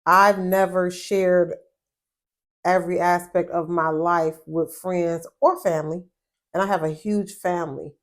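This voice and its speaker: A woman co-hosting a podcast in casual chat, animated and often repeating words as she starts a thought. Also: lowish voice, a little slow. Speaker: podcast co-host.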